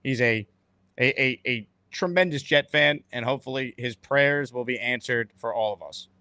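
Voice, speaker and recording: A man hosting a casual sports talk show, talking in a quick, upbeat, conversational way. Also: mid-range voice, pushed and bright, clean tone, dry recording. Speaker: sports radio host.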